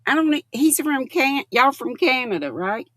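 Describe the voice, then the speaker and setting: A woman's voice: high-pitched, sing-song, moderate pace, no echo, clean studio sound. A woman in her sixties hosting a casual livestream, chatting affectionately and reading viewer comments aloud. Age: 60s. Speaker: livestream host.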